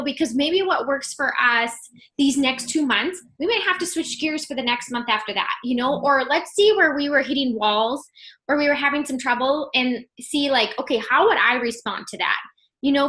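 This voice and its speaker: Bright high-voiced chatty woman. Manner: chatty, upbeat, lots of "like" and "you guys". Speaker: team leader. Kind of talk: group video call coaching. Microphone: video call.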